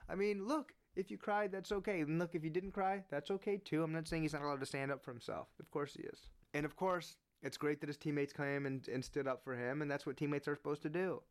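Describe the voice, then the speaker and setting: Guy doing sports opinion commentary, earnest and animated, smooth kinda high voice. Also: a little fast, few pauses. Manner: earnest and animated, rising in pitch when making his point.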